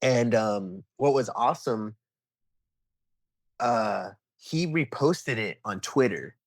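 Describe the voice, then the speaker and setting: Young adult man, podcast guest, casual animated storyteller, mid pitch, dry sound. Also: slow pace, no echo. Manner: animated storyteller, acts out quotes, many fillers like "like" and "um". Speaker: podcast guest, toy photographer. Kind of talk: casual interview chat.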